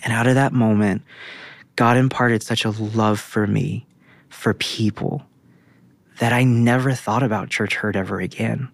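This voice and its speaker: A man's voice: fairly low pitch, steady tone, a little slow, gravelly, no room sound. A man, a guest prophet, telling his testimony in an interview with earnest storytelling. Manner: earnest storytelling with quoted dialogue.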